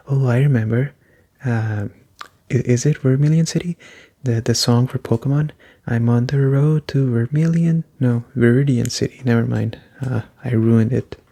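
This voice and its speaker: Soft-spoken gravelly man playing a game. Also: mid-range voice. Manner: casual, joking asides while playing. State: voice going hoarse. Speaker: let's play host. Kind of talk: soft-spoken ASMR gameplay commentary.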